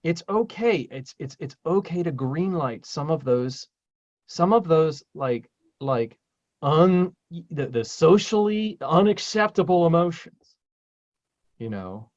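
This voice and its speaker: A man's voice: expressive, slow pace, lo-fi sound. A man hosting a casual group talk as a spiritual teacher, emphatic and blunt, swearing freely. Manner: emphatic and profane, swings loud and high when stirred.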